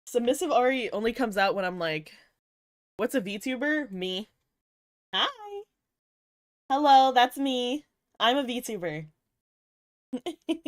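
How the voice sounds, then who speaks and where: A woman's voice: a little high, big pitch swings, slow, long pauses, no room sound, studio quality. A young woman VTuber chatting casually with her viewers, playful and giggly, teasing them and swearing often, a little tired. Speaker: VTuber streamer. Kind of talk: casual livestream chat with viewers.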